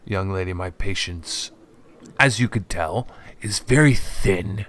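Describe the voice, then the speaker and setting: A man voicing a cold, impatient male vampire boss who hisses his threats slowly. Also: low-pitched, fairly bright tone. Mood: coolly threatening. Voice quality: hissing, whispery threats.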